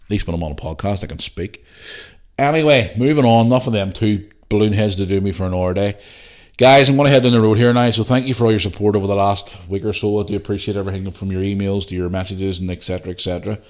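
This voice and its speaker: Talking fast in a fairly low voice, a Northern Irish-accented man from Northern Ireland runs a one-man podcast. He rants with blunt language and swears without restraint.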